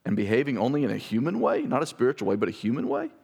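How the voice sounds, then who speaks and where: A man in his thirties giving a conversational sermon as pastor, emphatic and animated with joking asides. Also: medium pitch, very fast, vocal fry, slightly rough.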